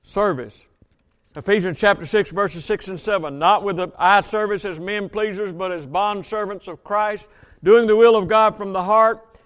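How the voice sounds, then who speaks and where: Baptist pastor, male, high tenor voice, sermon delivery with scripture readings and questions to the pews. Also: a bit bright, clean tone. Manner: reads scripture aloud, slows for emphasis, asks congregation questions.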